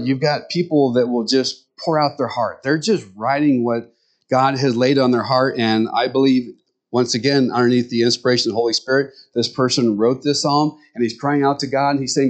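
A man's voice: medium pitch, moderate pace. A man preaching a Sunday sermon, animatedly acting out the voices of the people in the scriptures he reads. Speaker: pastor.

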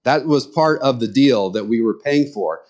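A man's voice: medium pitch, expressive, moderate pace, a little mellow, muffled recording. A man from Nebraska with a Nebraska accent, preaching a sermon in a folksy, rambling storytelling way with frequent restarts.

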